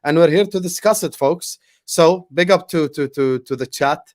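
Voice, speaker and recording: A man's voice: fairly high pitch, normal speed. A man hosting a casual football podcast, introducing guests with playful hype. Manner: hyping introductions, playful banter. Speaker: podcast host.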